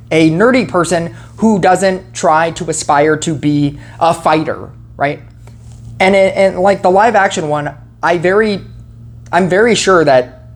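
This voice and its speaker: Female film reviewer, slightly low voice, casual and rambling, filler-heavy. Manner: rambling, heavy on "like" and "you know", self-correcting.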